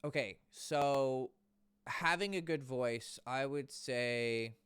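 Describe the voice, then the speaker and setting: A man's voice: medium pitch, slow pace, a bit bright, clear, resonant tone, no room sound. A man working as a dating coach, talking casually and bluntly, swearing now and then and answering viewer questions. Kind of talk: casual livestream talk.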